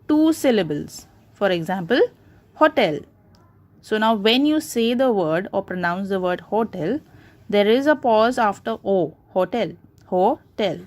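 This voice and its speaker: A woman's voice: mid-range voice, no room sound. A woman teaching a grammar lesson, patiently repeating words to show how they are pronounced. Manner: slow, patient, repeats words to demonstrate pronunciation. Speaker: English teacher.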